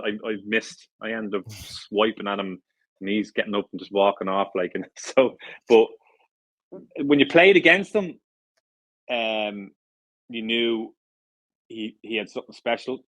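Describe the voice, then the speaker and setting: A man's voice: lowish voice, moderate pace, a bit bright, no echo, poor audio. A middle-aged Irish man, a former footballer, telling stories in a casual interview, rambling with many restarts and fillers. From Ireland. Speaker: former footballer, podcast guest.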